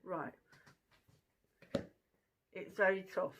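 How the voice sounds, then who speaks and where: A woman's voice: lowish voice, level tone, drawn-out words, a bit bright, slight background noise, poor audio. A woman hosting her own channel, chatting casually through a fruit taste test at home, with plenty of fillers. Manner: chatty, conversational, many fillers. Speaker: channel host.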